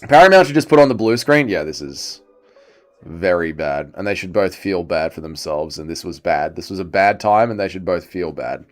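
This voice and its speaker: A man's voice: sits low, lively intonation, normal speed, soft background music. Mocking, foul-mouthed Australian man. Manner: profane, mocking, reads chat aloud. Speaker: livestream host. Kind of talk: casual fight-watching commentary.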